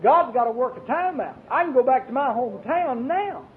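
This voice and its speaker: High-voiced preacher on tinny tape. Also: male voice, expressive, normal speed. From Arkansas, US. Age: 40s. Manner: emphatic, storytelling, repeats phrases. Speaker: Baptist preacher. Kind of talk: fervent sermon. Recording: tinny lo-fi recording with faint hiss and rumble.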